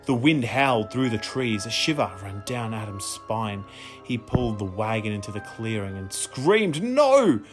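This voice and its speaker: A man reading a children's horror story aloud as an audiobook, in a dramatic, expressive manner. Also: lowish voice, moderate pace, music in the background. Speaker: audiobook reader.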